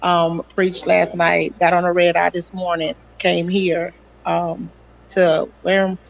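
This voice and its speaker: A tired, hoarse woman calling in to thank the cast, apologetic and laughing easily. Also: on the low side, little pitch movement, slow pace. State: hoarse and exhausted. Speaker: director and preacher. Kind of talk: casual call-in greeting. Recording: dry, muffled phone-call audio.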